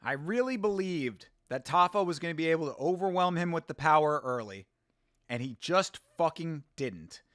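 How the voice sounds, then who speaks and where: A man hosting a casual live watch-along, talking in an animated, profane and sarcastic way and laughing often. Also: on the high side, normal speed, no room sound, clean studio sound. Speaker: show host.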